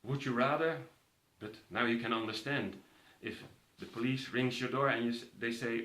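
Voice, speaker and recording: A man's voice: medium pitch, fairly even intonation, normal speed, few pauses, fairly bright tone. A man vividly telling a personal story to an audience, acting out the voices of others. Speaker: speaker. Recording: roomy echo.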